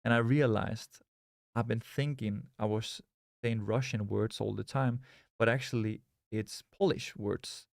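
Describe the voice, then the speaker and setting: Young man, loose rambling stream talk, gravelly edge, dry close sound. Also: medium pitch, unhurried, no room sound. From Scandinavia. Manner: rambling, repeats words and restarts, reads chat aloud. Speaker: live-stream trader. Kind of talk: casual live-stream chat.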